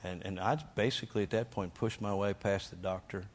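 A man preaching, telling a testimony story in an emphatic, energetic way and acting out the lines he shouted. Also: deep voice, a little fast, a little hiss or hum.

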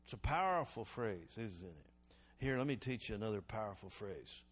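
A man preaching a sermon as pastor, calling for responses from the congregation and swinging between loud exhortation and quiet reflection. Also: fairly low pitch, expressive, normal speed, slightly rough.

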